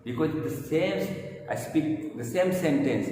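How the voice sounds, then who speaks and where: A man with a Gujarati accent, lecturing as a college English teacher, explaining slowly with repetition and emphatic rising stresses. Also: a little high, expressive, mellow, slight background noise. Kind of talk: classroom lecture. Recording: echoey distant room recording.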